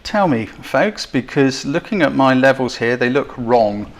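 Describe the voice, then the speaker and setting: An Englishman hosts a live photography stream, chatting casually, poking fun at himself and thanking viewers constantly. His voice is mid-range with lively intonation and a slightly slow pace, on a desk mic whose levels are being adjusted.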